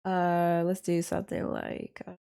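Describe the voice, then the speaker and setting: A woman's voice: fairly low pitch, completely flat delivery, measured pace, gravelly, warm tone, clear, resonant tone. A woman teaching a casual lesson, thinking aloud in a rambling, hesitant way with frequent ums and self-corrections. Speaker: course instructor.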